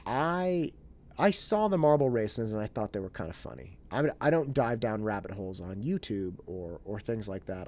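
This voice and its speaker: A man in his thirties telling a story in a casual, animated way, acting out bits of family conversation. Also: mid-range voice. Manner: animated, acts out family dialogue, restarts and fillers. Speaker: podcast host.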